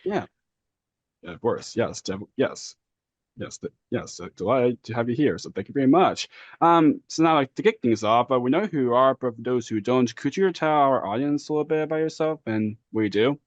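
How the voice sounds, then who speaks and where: Man, podcast host, halting, repeats himself, dull lo-fi mic, dry sound. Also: medium pitch, lively intonation, no room sound. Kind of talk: podcast interview.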